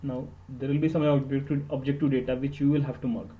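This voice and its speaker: A man's voice: mid-range voice, level tone, quick pace, narrow, tinny audio. A man with an Indian accent giving study tips in an earnest, emphatic way, slipping into Hindi and repeating words for stress. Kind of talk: instructional podcast talk.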